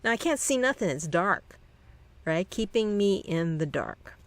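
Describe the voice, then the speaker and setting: A channel host telling a personal story in a rambling, halting way, often restarting sentences. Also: medium pitch, lively intonation, no room sound.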